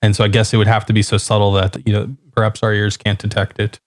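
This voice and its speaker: A man's voice: on the low side, completely flat delivery, fast talker, dry recording, studio quality. A man co-hosting a podcast, reasoning aloud in a thoughtful, casual way. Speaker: podcast co-host. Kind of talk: casual chat.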